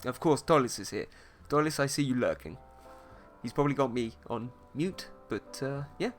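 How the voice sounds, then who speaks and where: A man's voice: medium pitch, lively intonation, moderate pace, soft background music. A man with a posh British accent, hosting a casual art livestream and chatting and teasing his viewers in a playful way. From England. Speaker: art streamer host.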